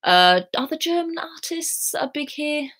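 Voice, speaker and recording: This English YouTuber, young and relaxed, lies in bed at home and responds to chat questions on her stream, laughing easily as she reads them out. She speaks in a high, animated voice that's a little bright, at a moderate pace.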